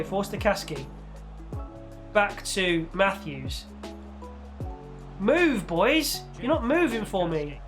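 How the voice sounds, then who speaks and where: A young man giving casual, exasperated play-by-play on his own football video game. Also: high-pitched. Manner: animated, exasperated play-by-play with pleading outbursts. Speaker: gaming YouTuber commentating his own match. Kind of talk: casual live game commentary.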